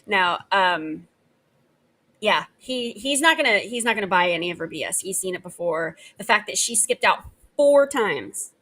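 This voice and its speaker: A woman's voice: mid-range voice, very animated, normal speed, sharp tone. A woman co-hosting a casual chat show, talking in a chatty, upbeat way. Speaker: podcast co-host. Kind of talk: casual chat reacting to court videos.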